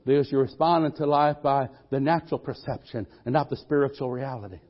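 A man's voice: medium pitch, a little fast, lo-fi sound. A man preaching a sermon in a church, fervent and calling for amens from the congregation. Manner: fervent, call-and-response.

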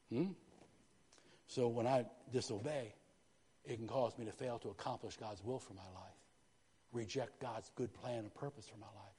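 Man, pastor, lively sermon, asks the congregation for amens, husky, long reverb. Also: mid-range voice, moderate pace. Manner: lively preaching with call-and-response asides. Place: church sanctuary.

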